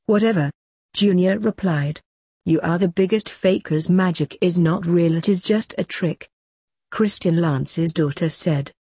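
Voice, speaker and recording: Dark husky woman reading a story. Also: fairly low pitch, measured pace, dry recording.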